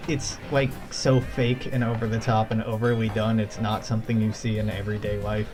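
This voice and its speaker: A man's voice: mid-range voice, fairly even intonation, moderate pace, few pauses, darkish tone, soft background music. A man streaming a game with casual commentary, crude, joking and sarcastic. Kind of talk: casual let's play commentary.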